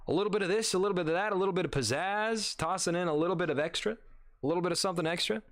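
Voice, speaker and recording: A man's voice: sits high, very fast. A man casually commenting on a game he is playing for the first time, goofy and swearing freely. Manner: goofy, swearing, laughing, restless. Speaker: gaming video host.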